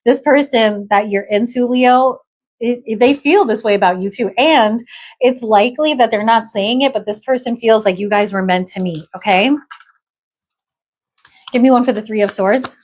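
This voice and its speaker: A woman's voice: a little high, normal speed, darkish tone. A woman reading tarot cards aloud in a loose, chatty flow. She breaks in with exclamations and keeps asking "okay?" as she explains each card. She sounds a little under the weather. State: unwell. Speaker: tarot reader.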